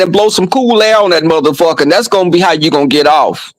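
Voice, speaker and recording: A man's voice: a little high, quick pace, hardly any pauses, dry recording, poor audio. A man vlogging, telling crude comedic stories to his viewers in a flamboyant, brash way with lots of swearing.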